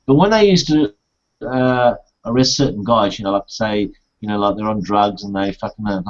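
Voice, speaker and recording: Rambling, swearing male host. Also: moderate pace. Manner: rambling, swearing storyteller, jokey. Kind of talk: casual chat. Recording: muffled low-fidelity audio.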